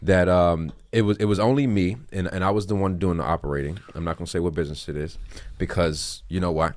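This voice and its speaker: Fast-talking deep-voiced male podcast host. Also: fairly even intonation, darkish tone, no room sound. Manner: frank storytelling, swears casually. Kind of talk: casual podcast conversation.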